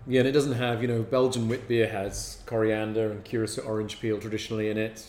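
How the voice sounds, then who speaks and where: A man's voice: on the low side, flat delivery, fast talker, darkish tone. Matter-of-fact male beer trainer. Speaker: brewery trainer. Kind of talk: casual podcast chat. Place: pub. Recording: roomy pub with faint noise.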